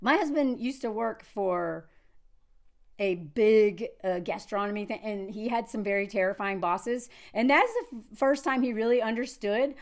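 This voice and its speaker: A woman from Nashville, giving casual, animated commentary to camera, laughing often and restarting her sentences. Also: mid-range voice, normal speed. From Nashville, Tennessee, US. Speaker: video commentator.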